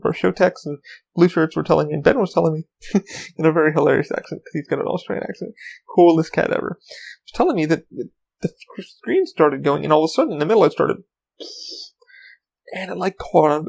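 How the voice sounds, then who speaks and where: Gravelly man rambling on a podcast. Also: fairly high pitch, a little mellow, rough recording. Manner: rambling, swears freely, frequent ums. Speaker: podcast host. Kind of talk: casual solo podcast chat.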